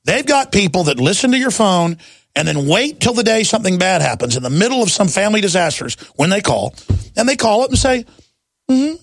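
A man's voice: high-pitched, sing-song, fairly quick, creaky, no echo, studio quality. A man hosting a talk radio show, delivering an emphatic, indignant monologue and calling his listeners "folks".

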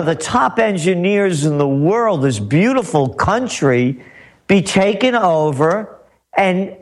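A male guest commentator on talk radio with a high, very lively voice. He speaks slowly and sardonically, lecturing with open scorn.

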